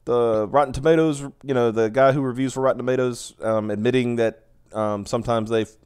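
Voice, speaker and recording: A man's voice: mid-range voice, fairly even intonation, fairly quick, a little mellow, clear, resonant tone. A man hosting a casual live stream, chatting, laughing a lot and reading viewer comments aloud. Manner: laughs often, reads chat aloud. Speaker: stream host.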